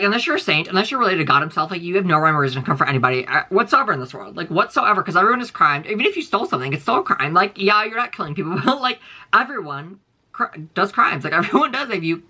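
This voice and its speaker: Man vlogger, quick bright voice, swinging pitch, rambling profane rants at home. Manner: rambling, profane, exasperated, heavy use of "like". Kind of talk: casual rant to viewers.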